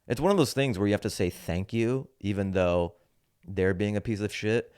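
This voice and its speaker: A man in his thirties, a comedian hosting his podcast, telling a rant-like story in a casual, animated way and acting out other people's lines. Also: fairly low pitch, normal speed. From United States. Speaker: podcast host, standup comedian.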